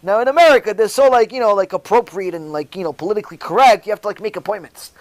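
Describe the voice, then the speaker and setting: A rabbi giving an informal sermon, telling stories and repeating key phrases for emphasis. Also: male voice, high voice, rapid-fire, few pauses.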